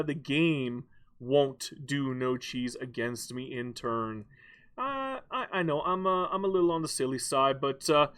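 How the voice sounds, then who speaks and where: Male gaming commentator, bright forceful voice, slightly higher pitch, playful bragging, loose rambling delivery. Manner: playful, boastful, rambling with restarts. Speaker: gaming YouTuber. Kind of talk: casual gameplay commentary.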